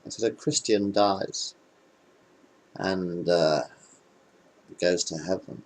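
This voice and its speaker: A man casually telling jokes into a webcam in a rambling, hesitant, deadpan way. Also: deep voice, takes it slowly, long pauses, rough recording. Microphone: webcam microphone.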